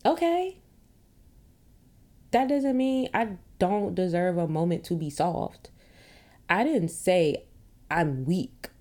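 A woman with a lowish, mellow voice talks candidly into a podcast mic at home. She is emphatic, swears freely, laughs easily, and throws in rhetorical questions and sharp retorts. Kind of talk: casual monologue.

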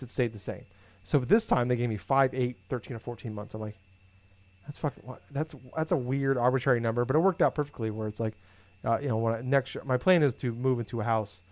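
A man chatting casually, rambling through everyday stories with frequent swearing and filler words. His voice sits at a middle pitch and comes across dry and close, with no room sound. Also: no echo. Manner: rambling, profane, animated storytelling. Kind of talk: casual chat.

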